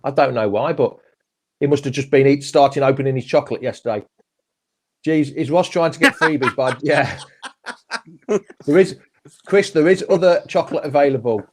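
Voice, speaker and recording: A man with a medium-pitched voice hosts a live football fan chat show, speaking at a moderate pace and pausing often. He's chatty and friendly, tacking tag questions onto many of his remarks.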